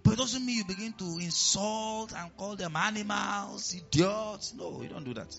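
Nigerian pastor guy preaching, bright high voice, dull lo-fi sound w faint music behind. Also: normal speed, gravelly. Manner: animated preaching with questions to the congregation. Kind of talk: sermon.

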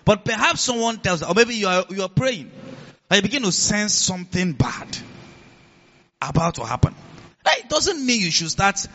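A man preaching a sermon as pastor, animated, laughing and asking the congregation questions. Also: high-pitched, normal speed, highs cut off.

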